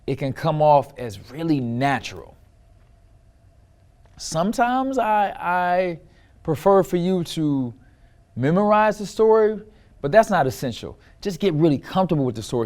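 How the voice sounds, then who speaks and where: Expressive man teaching storytelling. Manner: expressive, varies loudness and pitch, repeats for emphasis. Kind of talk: instructional talk to camera.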